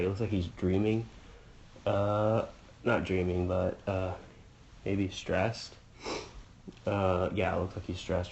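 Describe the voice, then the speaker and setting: Low-voiced man reviewing vocabulary. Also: a little mellow, lo-fi sound. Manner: thinks aloud with fillers, translating phrase by phrase. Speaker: Spanish teacher or tutor. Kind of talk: casual exam-review walkthrough.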